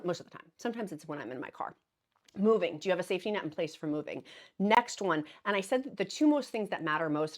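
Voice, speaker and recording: A woman hosting her daily vlog, talking earnestly and encouragingly to viewers, with frequent restarts and little laughs. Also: lowish voice. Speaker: vlogger hosting a daily show. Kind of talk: casual direct-to-camera vlog talk.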